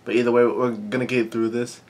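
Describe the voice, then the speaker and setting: A man with a bad cough casually recapping a manga chapter, halting and restarting his sentences often. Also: medium pitch, flat delivery, a little mellow. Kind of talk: casual read-through commentary.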